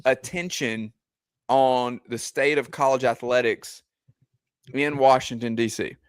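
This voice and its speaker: A man hosting a sports podcast, talking in a measured way and steering the discussion. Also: mid-range voice, clean tone, dry recording. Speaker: podcast host. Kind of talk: casual sports talk.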